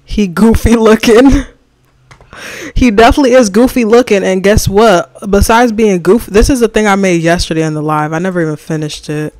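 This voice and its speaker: A livestreamer chatting casually while designing, slangy and animated, reading and answering the chat and ranting about opinions. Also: medium pitch, a little fast, dry recording, clean studio sound.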